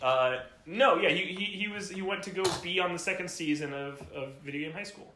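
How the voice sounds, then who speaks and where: A man's voice: high-pitched, a little fast, echoey room, background noise. A man co-hosting a podcast in casual chat, rambling through stories and laughing often. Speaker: podcast co-host. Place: home during a power outage.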